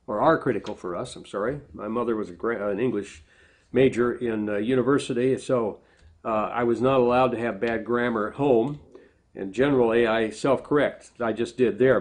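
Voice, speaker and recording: A middle-aged man preaching a sermon at a medium pitch. He talks earnestly and often stops to correct himself mid-sentence. When he quotes a speaker, his voice rises. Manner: earnest, self-correcting, animated when quoting. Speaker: pastor.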